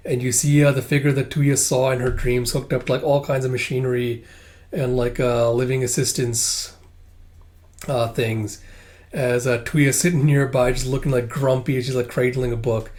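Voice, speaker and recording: A man's voice: medium pitch, little pitch movement, moderate pace, darkish tone. Rambling young man reading through a comic. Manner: rambling, heavy filler words, swearing. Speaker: comic book reviewer. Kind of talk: casual comic read-through.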